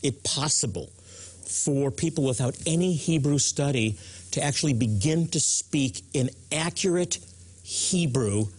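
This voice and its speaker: A man's voice: on the high side, unhurried, darkish tone, breathy edge. A man hosting a religious talk show, speaking earnestly and pressing key points home for viewers.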